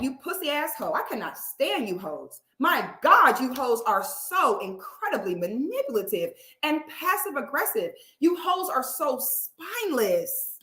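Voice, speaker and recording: A woman's voice: high-pitched, bright, forceful tone, roomy sound. A woman in a heated talk to camera, emphatic and profane, ranting with rising intensity. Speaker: online commentator.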